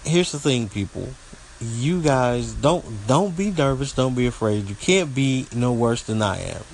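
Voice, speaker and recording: A man from the southeast United States with a Southern country accent hosts a casual solo podcast, his medium-pitched voice at a measured pace. He's folksy and sometimes stumbles over words, on a low-quality recording with a little hiss or hum.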